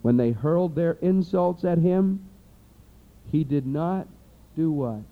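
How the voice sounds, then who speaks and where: Animated high-voiced male preacher, lo-fi. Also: slow. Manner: animated, acts out everyday scenes in voices. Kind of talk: sermon. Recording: dull lo-fi recording.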